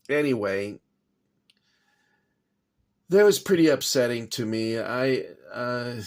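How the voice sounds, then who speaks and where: A man talks slowly, with a gravelly, creaky voice. He rambles at home in a casual vlog, agitated, swearing and then apologizing. His pitch sits in an average range. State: shaking after anger. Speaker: toy collector vlogger. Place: home kitchen.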